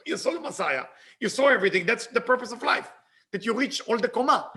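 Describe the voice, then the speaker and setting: A man teaching Kabbalah, retelling a story with lively swings between shouting and near-whispers, reading passages aloud in fast Hebrew and then translating them. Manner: animated, bursts into shouting at dramatic moments, then drops low.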